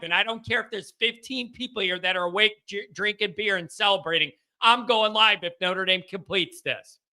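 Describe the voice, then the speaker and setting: A man's voice: high voice, pushed and bright. A man hosting a live sports call-in show, upbeat as he reads chat messages and talks to callers. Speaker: host.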